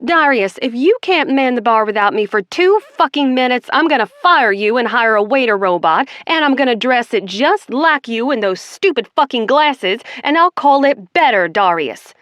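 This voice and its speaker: A woman's voice: medium pitch, expressive, unhurried, fairly bright tone, no room sound, studio quality. A woman voicing a brash, loyal female bartender in an audiobook, blunt and profane. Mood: yelling. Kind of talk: audiobook character voice.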